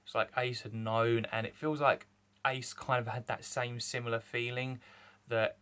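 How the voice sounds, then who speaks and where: A man's voice: medium pitch, moderate pace, clear, resonant tone. Rambling young man. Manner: rambling, excited, lots of fillers. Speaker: manga reviewer. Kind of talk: casual chat to camera.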